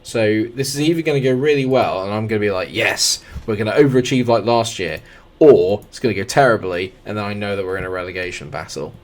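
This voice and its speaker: Lad, lowish voice, doing excitable play by play on his own footy manager game, chatting to the players. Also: fast talker, hardly any pauses. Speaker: gaming YouTuber. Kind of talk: live football sim commentary.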